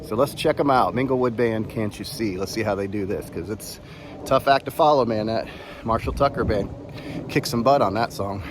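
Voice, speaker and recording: A man's voice: lowish voice, moderate pace, background noise. A man hosting a casual walk-and-talk vlog outdoors, rambling in an easygoing way with lots of fillers. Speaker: reaction channel host. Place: outdoors on a walking trail.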